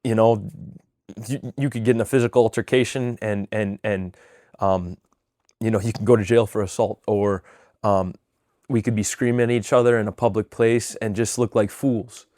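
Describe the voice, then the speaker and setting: Man, low voice, earnest, casual storytelling, motivational vlog, dry recording. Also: fairly even intonation, moderate pace, a little mellow, dry recording. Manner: earnest storytelling with fillers and repeats. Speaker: vlogger giving weekly motivation. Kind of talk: casual motivational talk to camera.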